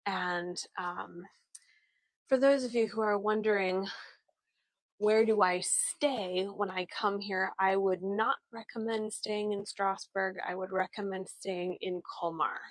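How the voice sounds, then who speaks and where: A woman from the US Pacific Northwest and Midwest, in her thirties, takes it slowly as she narrates a live-streamed phone tour outdoors on old-town streets. Her medium-pitched voice has a steady tone, and she's chatty and enthusiastic with many fillers, captured in a rough recording without echo.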